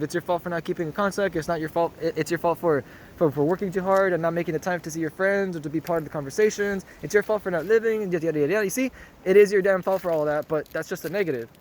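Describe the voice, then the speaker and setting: Earnest rambling man, fairly high voice. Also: a little hiss or hum. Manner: rambling and repetitive, often asks "you know what I mean?"; earnest, circles back to one phrase. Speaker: spiritual vlogger. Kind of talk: unscripted reflective monologue.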